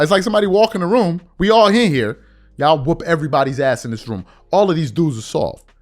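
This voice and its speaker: A man's voice: a little high, expressive, fast. Guy ranting on a sports podcast, voice jumps all over, keeps hammering questions, faint music under it. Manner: emphatic, repeats rhetorical questions. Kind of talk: opinionated sports rant.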